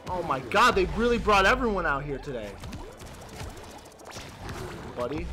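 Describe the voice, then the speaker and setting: An excitable male streamer chatting through his gameplay with a high, wildly swinging voice. He laughs, yelps and talks back to his chat. Game music plays clearly behind him. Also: measured pace, pauses often. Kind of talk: live gameplay commentary.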